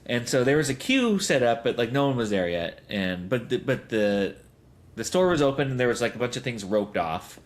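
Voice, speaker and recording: A man's voice: mid-range voice, sing-song, moderate pace. A man in his thirties hosting a podcast, telling rambling stories full of fillers and chuckles. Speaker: podcast host. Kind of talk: casual podcast chat.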